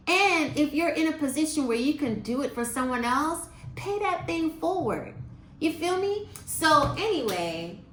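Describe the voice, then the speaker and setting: Chatty woman in her fifties, roomy sound. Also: on the high side. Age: 50s. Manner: chatty and expressive, quotes people in lively voices. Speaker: vlogger. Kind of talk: casual storytelling to viewers.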